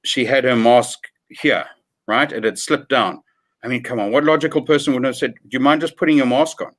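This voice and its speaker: This is a middle-aged man from South Africa on a casual livestream. He speaks in an ordinary mid-range voice and rants in a blunt, animated way, with plenty of swearing. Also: mid-range voice, brisk. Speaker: livestream guest.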